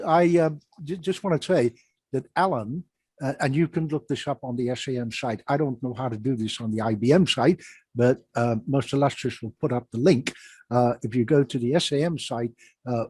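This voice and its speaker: Guy hosting the chat, ums and uhs everywhere, kinda husky, dry sound. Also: mid-range voice, a little mellow, no room sound. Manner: rambling, halting with many fillers. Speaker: host. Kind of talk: casual chat.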